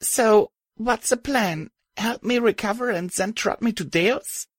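A man reading an audiobook, voicing a wounded young unicorn mare who rasps and stays defiant. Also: high voice, measured pace, dry recording, voice pushed up. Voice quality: rasping.

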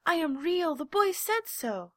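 A timid little toy rabbit , as a woman reading a storybook puts him on, pleads in a raised, high voice. He is stubborn and desperate to be believed real. The recording is close and dry. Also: sing-song, fairly quick, fairly bright tone, dry recording, exaggerated voice.

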